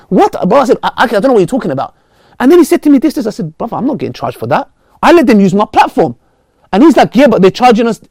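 A man, a Muslim preacher talking earnestly and passionately to his viewers, swinging between loud outbursts and quiet pleading. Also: high voice, dry recording, studio quality. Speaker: Muslim preacher and video creator. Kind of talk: heartfelt direct-to-camera talk.

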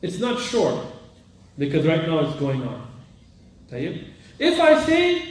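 Man, Arabic and Quran teacher, high lively voice, very echoey room, mic far away. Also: measured pace. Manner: animated, quizzes students, mixes Arabic terms into English. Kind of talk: classroom lesson on Quran commentary.

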